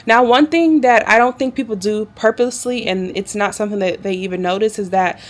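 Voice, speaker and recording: A woman in a casual vlog, recounting a day at work as a flight attendant. She talks in a chatty, animated way, with exasperated asides to her viewers, at a middle pitch. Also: brisk.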